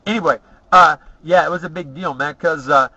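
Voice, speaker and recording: A man's voice: on the high side, brisk, sharp tone. A middle-aged man rambling through boastful, profane personal stories, tagging his lines with "okay?". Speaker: storyteller. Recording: dull lo-fi recording.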